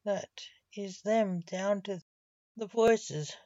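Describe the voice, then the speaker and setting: A young male vampire in a storybook, as a woman reads him, speaking slowly. The sound is dry with little room. The recording is dull and lo-fi. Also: medium pitch, fairly even intonation, dark tone, no echo.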